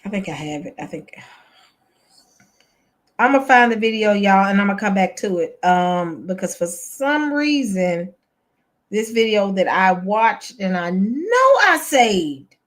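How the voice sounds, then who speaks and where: A woman's voice: medium pitch, sing-song, unhurried. A woman, hosting a casual chat for her viewers, exasperated and chatty, calling them y'all. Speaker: channel host.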